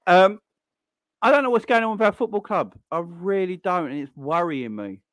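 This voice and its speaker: A man's voice: high-pitched, animated, normal speed, no room sound. Guy ranting on his live stream, fed up, keeps repeating himself, dry sound. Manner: exasperated, repetitive, swears. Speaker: fan channel host. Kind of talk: live-stream football rant.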